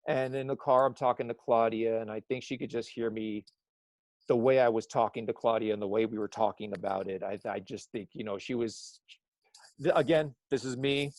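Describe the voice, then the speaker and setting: A man's voice: mid-range voice, dry recording. A man telling a story as an interview guest, rambling, with many restarts and self-corrections.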